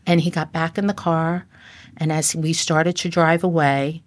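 A middle-aged woman, a podcast guest, telling a personal story in earnest, halting sentences with frequent restarts. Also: sits low, flat delivery.

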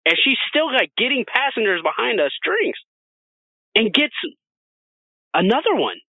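A man's voice: very high voice, very animated, unhurried, dry recording. A man co-hosting a podcast, telling a story in casual, profane chat with frequent laughter. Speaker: podcast co-host. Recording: dry, phone-like narrow sound.

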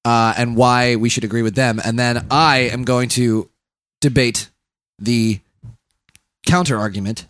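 A man's voice: mid-range voice, steady tone, a little slow, a bit bright. A man co-hosting a comedy podcast, joking crudely and laughing often in casual banter. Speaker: podcast co-host.

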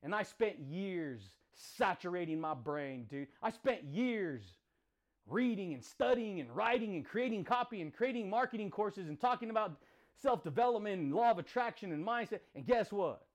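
Intense high-voiced man, punchy motivational talk. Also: lively intonation, normal speed. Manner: intense, punchy, profane, repeats phrases. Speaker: podcast host. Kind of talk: motivational monologue.

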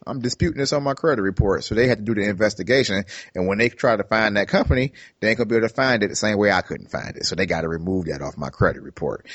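A man's voice: lowish voice, very fast, hardly any pauses, no echo. A man co-hosting a casual podcast, telling a story with animation and acting out his own side of phone calls. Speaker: podcast co-host.

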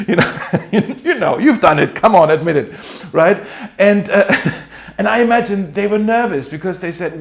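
A man's voice: sits high, lively intonation, a little slow. A male pastor preaching a casual, playful sermon, acting out quotes with laughter.

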